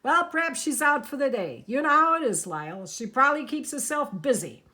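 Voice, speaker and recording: A woman's voice: sits high, very animated, brisk, pushed and bright, exaggerated voice. A woman voicing a flamboyant, wheedling male showman for a storybook reading, in a sing-song, theatrical way. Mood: cajoling.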